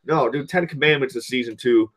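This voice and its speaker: A podcast host chatting casually about a movie, rambling excitedly and swearing a lot. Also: male voice, mid-range voice, brisk, breathy edge. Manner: excited, profane, rambling recap.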